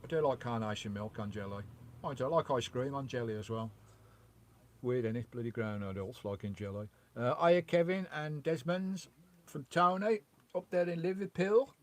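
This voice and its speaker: A man's voice: mid-range voice, moderate pace. Rambling, chatty man in a campervan. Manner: rambling and chatty, mild swearing. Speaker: vlogger reading live chat. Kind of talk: casual live-stream chat. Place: parked in a campervan.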